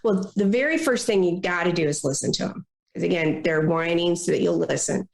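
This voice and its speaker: A woman consultant giving advice in a podcast interview, talking in a lively way and acting out complainers in little quoted voices. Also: on the low side, fairly quick, gravelly, reverberant. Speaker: guest consultant on difficult people.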